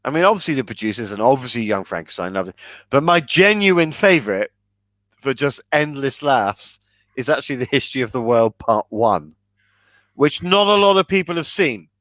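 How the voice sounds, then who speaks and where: A man's voice: sing-song, normal speed, dry recording. A man co-hosting a casual chat, enthusiastic and hiccuping as he talks about films. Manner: enthusiastic, acts out quoted lines in high shouts. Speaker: podcast co-host.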